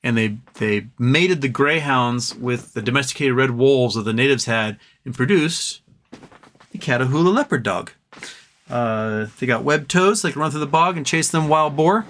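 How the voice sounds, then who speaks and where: Bright-voiced man rambling on a live stream. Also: mid-range voice, normal speed, a little hiss or hum. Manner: rambling, answers chat comments, trails off. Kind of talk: casual live-stream chat.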